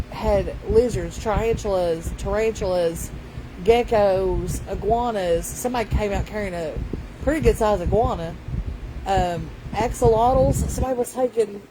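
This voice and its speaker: A woman's voice: medium pitch, noisy background. A woman, telling a rambling story in casual vlog chat. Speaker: vlogger.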